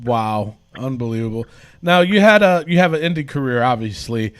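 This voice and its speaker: A man's voice: mid-range voice, lively intonation, moderate pace, clean tone, no echo, clean studio sound. A man co-hosting a wrestling podcast who asks casual questions and laughs and reacts readily. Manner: laughs easily, reacts with "oh wow". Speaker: podcast co-host. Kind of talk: interview questions, casual chat.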